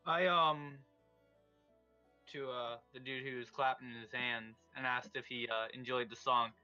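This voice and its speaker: A man's voice: medium pitch, fairly even intonation, measured pace, pushed and bright, faint music behind. A man playing a tabletop game, speaking hesitantly with frequent ums, on a dull lo-fi mic. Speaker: player.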